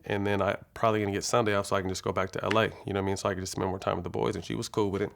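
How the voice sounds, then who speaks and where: A man with a low, gravelly voice recounts a personal story as an interview guest. He talks in a loose, laid-back way, full of fillers and swearing. His tone stays casual and conversational. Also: little pitch movement, racing, a bit bright, slight background noise. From California. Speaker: interview guest, former basketball player.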